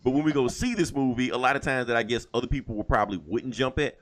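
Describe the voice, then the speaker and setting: A man's voice: mid-range voice, fast talker, a bit bright. A man co-hosting a podcast in casual chat, emphatic, swearing freely and laughing. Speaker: podcast co-host.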